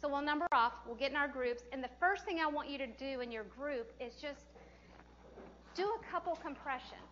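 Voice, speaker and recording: A CPR instructor teaches a hands-on class in a training room, chatty and encouraging and often laughing as she speaks. Her voice is high-pitched and fairly bright at a moderate pace, though the audio is dull with a little hiss or hum.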